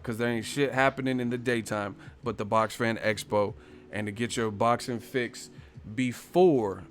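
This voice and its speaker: A boxing channel host with a mid-range, slightly bright voice runs a live stream. He's loose and profane, joking and making asides while talking straight to his viewers.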